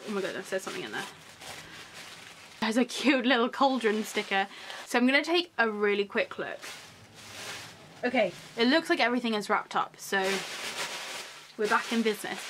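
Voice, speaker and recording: A woman's voice: a little high, background noise. A young woman chatting through an unboxing video, gushing and gasping often, her talk full of "like" fillers. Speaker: vlogger.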